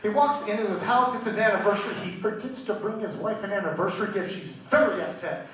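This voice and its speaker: A man's voice: high-pitched, animated, quick pace, background noise. A man doing live stand-up, firing off one-liners and acting out each character. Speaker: stand-up comedian. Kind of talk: live stand-up joke telling. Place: live show stage, Las Vegas. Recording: echoey hall from far off.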